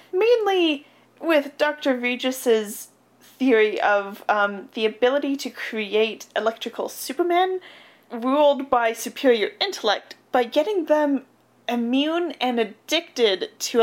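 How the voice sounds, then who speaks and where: A woman co-hosting a casual chat, recapping a film plot with lots of fillers and laughs. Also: fairly high pitch. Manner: chatty, giggly, peppered with fillers. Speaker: podcast co-host recapping a film.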